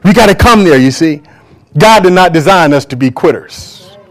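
A man's voice: a little high, animated, moderate pace. A man preaching a sermon to a church congregation, emphatic and drawing call-and-response from the crowd. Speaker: pastor.

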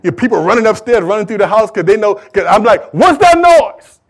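Pastor, male, high voice, animated sermon delivery with loud and hushed passages, asks the room questions. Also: quick pace. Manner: animated preaching, big swings from loud to hushed; asks the congregation questions, repeats words for emphasis. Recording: audio recording of a live sermon.

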